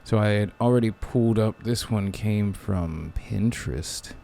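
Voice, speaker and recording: A man co-hosting a podcast chats casually and rambles, using lots of fillers and restarts. His voice is on the low side, gravelly and dark, delivered at a measured pace. There's a little hiss or hum.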